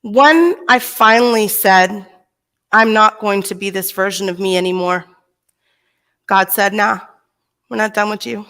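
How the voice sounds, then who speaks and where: Speaking unhurriedly and leaving long pauses, this middle-aged woman from Texas gives a motivational keynote at a conference. Her mid-range voice shifts as she animatedly acts out the characters in her stories, voicing their quoted lines.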